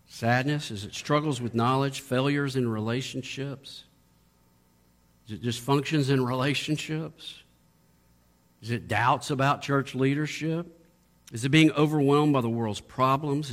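A middle-aged man preaching a sermon, asking strings of rhetorical questions and building to emphatic peaks. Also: medium pitch. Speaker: pastor.

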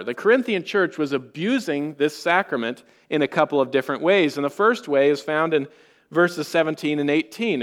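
A man preaching a sermon as pastor, measured and earnest, with a reverent tone when he prays. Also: fairly high pitch, a bit bright, long reverb tail.

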